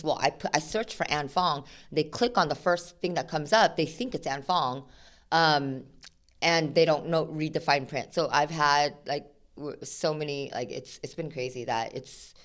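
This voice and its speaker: A woman from Sacramento, a guest on a podcast, tells animated stories and acts out both sides of conversations, with plenty of "like" and "you know". Her voice sits low for a woman, and she talks casually. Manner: animated storyteller, acts out quoted exchanges, many fillers. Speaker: attorney guest. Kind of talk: casual interview chat.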